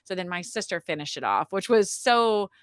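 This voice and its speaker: A woman telling a personal story in a casual podcast conversation, chatty and animated, with plenty of "like" and "um". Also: fairly low pitch, normal speed, smooth, dry recording, clean studio sound. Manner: chatty, frequent "like" and "um" fillers, animated retelling. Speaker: podcast guest telling her birth story.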